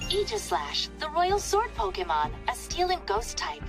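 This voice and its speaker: A woman voicing a chirpy electronic Pokédex gadget in a cartoon clip, reading a brisk reference entry. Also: very high-pitched, lively intonation, vocal fry, heavily acted. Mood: informative. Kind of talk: cartoon voice acting. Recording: clip played with music underneath.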